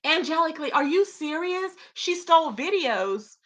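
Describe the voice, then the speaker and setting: A woman's voice: very high-pitched, lively intonation, moderate pace, fairly bright tone. A woman hosting a casual gossip livestream, reading chat and reacting with lots of exclamations. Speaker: livestream host.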